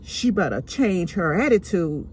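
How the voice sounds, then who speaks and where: A woman's voice: lowish voice, sing-song, unhurried, darkish tone, slight background noise. A woman quoting her strict older grandmother in a scolding, commanding tone. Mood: stern.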